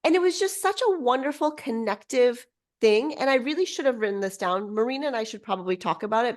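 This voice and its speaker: Brief: excitable woman podcast guest, slightly high voice, casual storytelling with lots of restarts. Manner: bubbly, excitable, quick restarts; lively swings in pitch.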